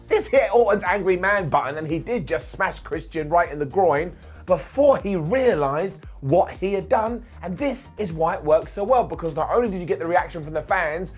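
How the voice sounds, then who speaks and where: A young man narrating a wrestling countdown list in a wry, jokey way, slipping into quick voices for the people he talks about. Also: high-pitched, slightly rough.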